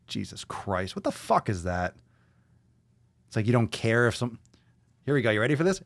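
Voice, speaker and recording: A brash, profane man rants his way through his own podcast in a casual, mocking tone. His pitch bounces up and down in a lively way. The sound is close and dry. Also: a little fast, dry recording. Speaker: podcast host. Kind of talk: casual ranting podcast talk.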